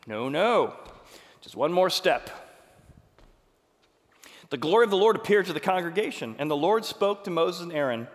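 A man preaching a sermon as pastor, retelling a story dramatically, acting out the quoted lines and swinging from loud to hushed. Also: sits high, sing-song, normal speed, long pauses, in a large hall.

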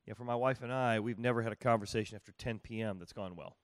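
A middle-aged man, a pastor, speaks fast in a fairly low voice on a dry recording. Teaching about marriage and listening, he stays folksy and conversational and repeatedly asks listeners, rhetorically, whether it makes sense.

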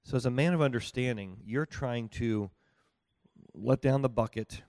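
Here the same kind of speaker, a middle-aged male pastor, talks at a normal speed in a mid-range, slightly mellow voice with no echo. His talk on marriage and listening is homey and chatty, and he keeps checking with listeners, asking if it makes sense.

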